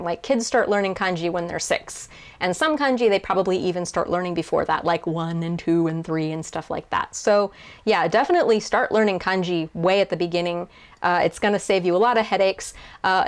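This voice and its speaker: A young woman talks straight to her viewers in a relaxed question-and-answer video. She rambles a little, restarts her sentences and pokes fun at herself. Her voice sits at an ordinary middle pitch for a woman. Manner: chatty, self-deprecating, many fillers and restarts. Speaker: YouTuber and translator. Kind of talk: casual Q&A to camera.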